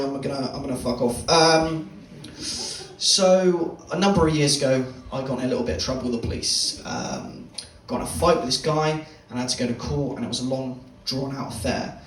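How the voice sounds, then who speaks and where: A young man performing a stand-up set in a comedy club, telling a swearing, deadpan story and teasing the crowd. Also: on the high side, normal speed, slight background noise. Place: comedy club stage, live audience. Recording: roomy club sound from a distance.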